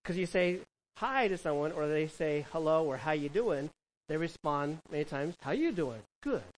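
A man's voice: a little high, fairly even intonation, moderate pace, a little hiss or hum, poor audio. A man from California preaching a conversational sermon, asking the congregation questions and acting out quoted voices. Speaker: pastor.

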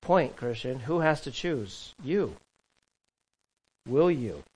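A man preaching a sermon as pastor, swinging from loud, emphatic calls to quiet asides and chuckling between points. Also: medium pitch, lively intonation, slow pace, breathy edge, poor audio.

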